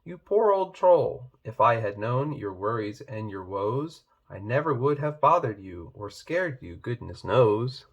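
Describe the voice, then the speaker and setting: A man's voice: mid-range voice, sing-song, unhurried, few pauses, lo-fi sound. A man voicing a big male billy goat in a read-aloud picture book. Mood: earnest.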